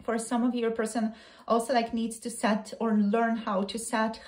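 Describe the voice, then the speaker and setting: A woman giving a casual tarot reading, thinking out loud, repeating and restarting her phrases, quick to exclaim. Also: on the high side, little pitch movement. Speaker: tarot reader.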